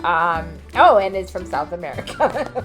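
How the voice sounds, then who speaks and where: A woman vlogger talking casually to camera, chatty and playful, laughing often and drifting into soft asides. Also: fairly low pitch, lively intonation, a little slow, soft background music.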